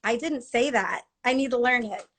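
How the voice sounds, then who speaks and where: A woman with a slightly high voice chatting on a live social video. She rambles and acts out quotes of what she thought at the time. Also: moderate pace, fairly bright tone. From Latina. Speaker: actor on a live chat. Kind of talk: casual chat.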